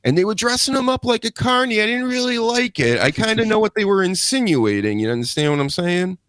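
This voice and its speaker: A man's voice: high-pitched, sing-song, brisk, a bit bright, smooth, dry recording. Joking, swearing male show host, dry sound. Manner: loose, joking, swears casually. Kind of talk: casual live show chat.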